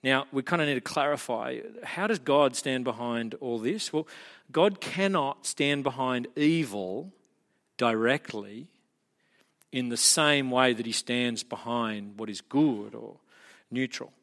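A man preaching a sermon as a pastor, telling the story in an animated way and building to emphatic peaks. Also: medium pitch, unhurried, in a large hall.

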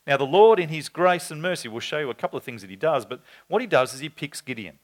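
A man's voice: big pitch swings, fast, hardly any pauses. A man preaching an expository sermon, reading scripture aloud with dramatic voices for the quotes. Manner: pitch and volume jump high when voicing quotes.

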